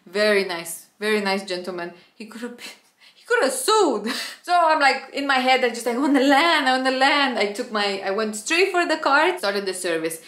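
A woman's voice: medium pitch, normal speed. A woman, a former flight attendant, animatedly telling a story to camera. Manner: animated, dramatic retelling with acted-out quotes. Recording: roomy echo with faint background music.

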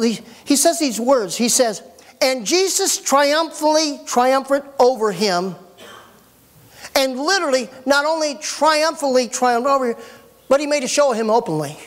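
A middle-aged man preaching a sermon as pastor, folksy and animated with joking asides. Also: very high voice.

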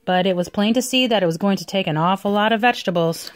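A woman reading a picture book aloud to a young child at home, with expressive storytelling. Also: mid-range voice, fast. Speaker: reader.

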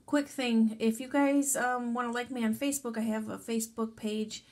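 A woman casually talking viewers through a drawing tutorial, chatty and softly spoken, with rambling asides. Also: on the high side, steady tone, normal speed. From Mexican background.

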